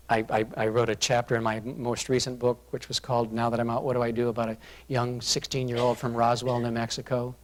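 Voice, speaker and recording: Guy speaking to a room of people on a presenter's mic, earnest and confessional, goes quiet for the hard parts. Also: medium pitch. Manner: earnest, confessional, drops to a hush for painful memories. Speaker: corporate diversity speaker. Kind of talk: personal storytelling talk to an audience. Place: conference room before a live audience.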